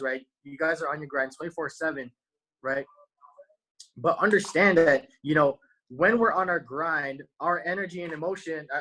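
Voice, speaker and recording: A man's voice: fairly high pitch, pushed and bright, poor audio. A man giving a casual motivational talk to his viewers, using slang and tagging "right?" onto almost every point. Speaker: motivational speaker.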